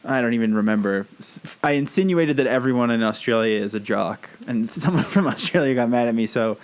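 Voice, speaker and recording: A man co-hosting a podcast in loose, casual chat. He talks wryly, laughs often and swears offhandedly. His voice sits at a medium pitch. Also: animated, brisk, clean tone. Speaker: podcast co-host.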